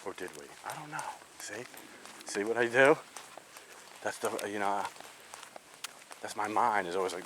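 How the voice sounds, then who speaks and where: A man's voice: fairly low pitch, expressive, moderate pace, pauses often, noisy background. A man chatting casually as he walks outdoors, rambling and talking to himself. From New York. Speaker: walking vlogger. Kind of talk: casual walking vlog chat. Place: outdoors in rural nature. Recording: outdoor ambience clearly heard.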